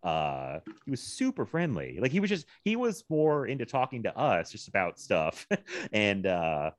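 A man in his thirties from Virginia, co-hosting a podcast, telling animated stories with frequent laughter. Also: on the low side, a little slow, no echo. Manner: animated storytelling, laughs often, quotes people in lively voices. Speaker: podcast co-host. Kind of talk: casual chat.

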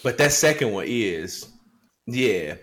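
Animated laughing man telling stories. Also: fairly low pitch, slow pace. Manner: animated storyteller, acts out his kids and himself with laughs. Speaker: podcast co-host. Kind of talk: casual chat.

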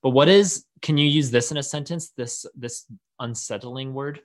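Man, middle pitch, playful host, enthusiastic, laughs often. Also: moderate pace. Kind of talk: casual chat.

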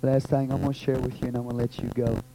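Fervent Texan pastor preaching. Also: male voice, completely flat delivery, quick pace, gravelly, rough recording. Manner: fervent, swings from loud cries to low murmurs. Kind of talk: sermon with prayer.

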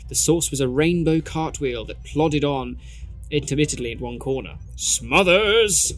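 A man co-hosting a podcast, reading interactive fan fiction aloud in a playful way and laughing at his own puns. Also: mid-range voice. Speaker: podcast co-host.

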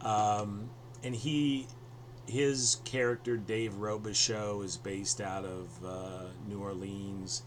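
A man's voice: fairly low pitch, little pitch movement, takes it slowly, a little hiss or hum. A man hosting a podcast over a video call, rambling with many fillers and restarts. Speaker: podcast host.

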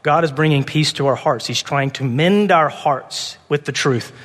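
Pastor, male, fairly high voice, sermon in a big echoing hall, urgent then hushed. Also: normal speed. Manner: passionate, swings from loud urgent pleading to soft hushed tones.

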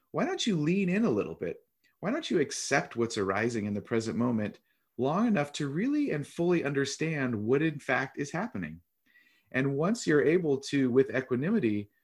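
A man giving a dharma talk as a meditation teacher, explaining calmly with unhurried pauses between phrases. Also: medium pitch.

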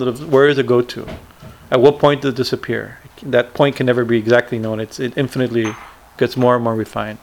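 A man explaining a Sanskrit hymn line by line, chanting verses slowly and talking with many fillers and repeated words. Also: mid-range voice, creaky. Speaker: teacher explaining scripture.

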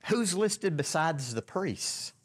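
A man's voice: a little high, lively intonation, takes it slowly, a little hiss or hum. A man leading a casual Bible study, talking conversationally, asking the group questions and often restarting his sentences.

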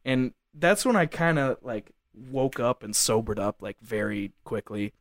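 A man's voice: mid-range voice, measured pace, no echo, studio quality. A young man telling a casual story at length, rambling with lots of fillers like "like". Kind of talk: casual anecdote.

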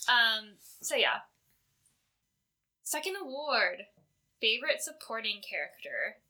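Casual podcast host, woman with a high, very bright voice and a chatty, filler-heavy delivery. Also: very animated, slow pace. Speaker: podcast host presenting fan awards. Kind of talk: casual chat.

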